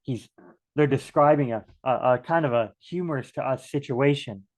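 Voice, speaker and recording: Man, casual bible study teacher, rambling, mid-pitched, acts out dialogues. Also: normal speed. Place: home.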